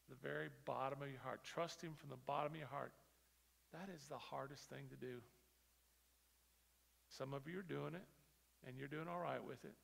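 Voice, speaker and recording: A male pastor preaching a sermon, moving between quiet low stretches and loud emphatic repetition. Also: creaky. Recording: long hall reverb.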